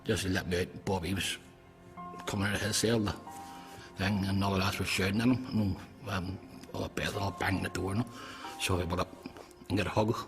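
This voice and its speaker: A man recalling a farewell in a documentary interview, speaking haltingly and trailing off into quiet. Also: deep voice, steady tone. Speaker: former prisoner interviewee. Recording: music bed under the voice.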